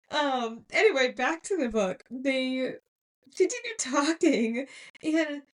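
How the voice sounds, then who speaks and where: A woman's voice: high-pitched, big pitch swings, takes it slowly. Giggly young American woman podcaster. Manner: giggly, rambling retelling with many fillers. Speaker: podcast co-host. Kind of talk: casual book-club chat.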